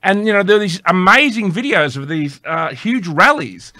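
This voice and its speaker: A man hosting his own commentary show, talking in a loose, rambling way with lots of fillers and tongue-in-cheek asides. His voice is fairly high and bright, with a forceful edge. The sound is dry and close, with no room around it. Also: lively intonation, moderate pace, no echo. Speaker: host. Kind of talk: casual political commentary.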